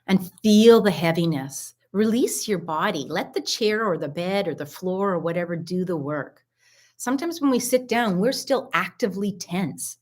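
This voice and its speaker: A middle-aged woman with a slightly low voice coaches listeners through a mindfulness exercise. She talks in a calm, earnest way and gives gentle, encouraging instructions. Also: normal speed. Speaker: holistic health coach.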